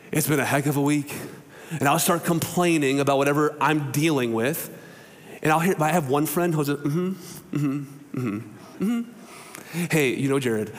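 In a church sanctuary with a long, trailing reverb, a high-voiced male pastor delivers a relaxed, conversational sermon. He tells stories and acts out the voices of people he quotes.

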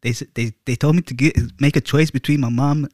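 A man's voice: mid-range voice, fairly even intonation, brisk, no echo, studio quality, lightly acted. A man doing a hammy put-on accent as an older man in a guessing game, calling others lad. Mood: storytelling.

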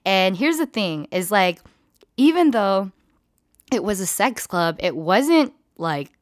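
A woman in her twenties casually telling a story, animated and swearing freely, with squealed quotes. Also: medium pitch, slow, no echo, clean studio sound. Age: 20s.

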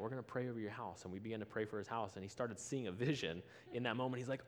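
A man's voice: medium pitch, fast. A man preaching a sermon, telling a story and acting out both people in the conversation.

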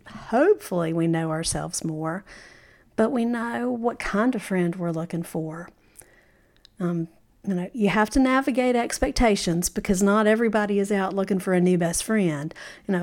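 A middle-aged woman hosting a podcast, giving an encouraging talk and telling stories, often saying "you know" and laughing now and then. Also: medium pitch. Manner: warm storytelling with frequent "you know" and laughs. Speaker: podcast host. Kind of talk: motivational podcast monologue.

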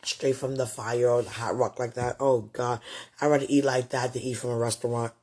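Male vlogger, husky and breathy, tender and rambling, late-night heartfelt faith talk. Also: mid-range voice, flat delivery, a little fast, darkish tone. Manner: rambling and tender, full of "you know".

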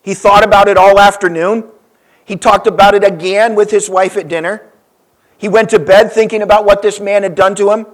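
A man's voice: sits high, steady tone, a little fast. A man preaching a sermon, telling a story and acting out the quoted lines with big rises and drops. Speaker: pastor.

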